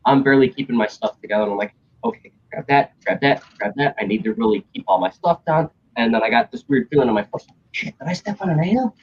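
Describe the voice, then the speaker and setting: A man's voice: mid-range voice, animated, quick pace, hardly any pauses, breathy edge. A young man telling a story in casual chat, acting out other people's lines and swearing freely. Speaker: stream host telling a story. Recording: dull lo-fi stream audio.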